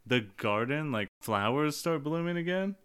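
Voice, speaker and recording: Casual man with a smooth voice, joking and swearing through a game recap. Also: fairly high pitch, lively intonation, normal speed, a bit bright. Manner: profane, jokey, acts out quotes. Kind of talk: casual chat about a video game.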